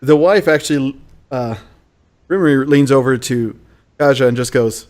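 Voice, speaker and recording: A man narrating as game master in a tabletop role-playing session, relaxed and laughing as he tells the scene. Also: mid-range voice, normal speed, pauses often. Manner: relaxed, laughing, loose storytelling.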